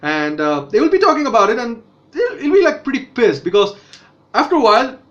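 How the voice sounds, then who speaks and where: A man's voice: extremely high pitch, big pitch swings, brisk, a bit bright, muffled recording. A man casually reviewing a TV episode, rambling with fillers and restarts. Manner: rambling, many self-corrections and fillers. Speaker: TV show reviewer.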